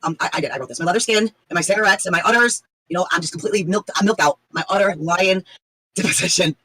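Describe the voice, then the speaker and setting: A woman rattles off a mock apology at great speed, cursing freely. Her voice is bright and tense. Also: fairly low pitch, husky, no echo, rough recording. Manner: profane, rapid, mock-contrite. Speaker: stream show host. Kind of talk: heated livestream banter.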